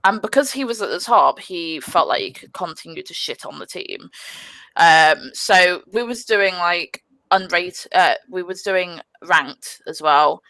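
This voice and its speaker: A young woman telling a gaming story on a podcast, animated and swearing freely, with lots of fillers. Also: on the low side, a little slow, dry recording. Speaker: podcast guest, gamer. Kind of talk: casual storytelling.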